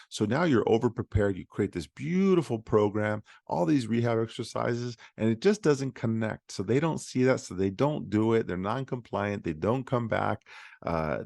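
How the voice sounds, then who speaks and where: A man's voice: fairly low pitch, vocal fry, darkish tone, no echo, clean studio sound. A man hosting a solo podcast for physical therapists, talking in a conversational, motivational way with frequent fillers. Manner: conversational, many fillers and restarts.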